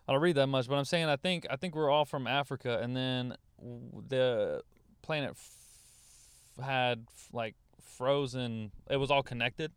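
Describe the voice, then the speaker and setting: Young guy rambling and cussing in a car podcast, smooth voice, dead dry sound. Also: medium pitch, measured pace, dry recording. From Louisiana. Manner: rambling, swears freely, laughs often. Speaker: comedian guest. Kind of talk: casual podcast chat. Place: inside a car.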